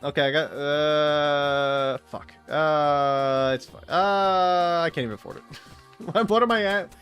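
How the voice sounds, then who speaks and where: A man's voice: on the high side, slow, a bit bright, clear, resonant tone, soft background music. A young man streaming a game and chatting casually, rambling and swearing with frequent laughs. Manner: rambling, profane, laughs often. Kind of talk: casual gaming chat.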